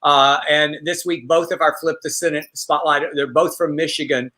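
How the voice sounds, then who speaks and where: A middle-aged man co-hosts a casual live show, his voice bright and forward. He rambles through his stories, restarting his sentences as he goes. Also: fairly high pitch, fairly even intonation, moderate pace, poor audio. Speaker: co-host.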